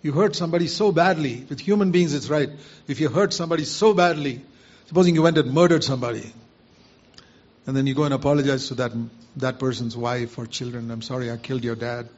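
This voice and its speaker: A man's voice: a little high, brisk, darkish tone. A man preaching a sermon, earnestly putting rhetorical questions to his listeners. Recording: muffled lo-fi recording.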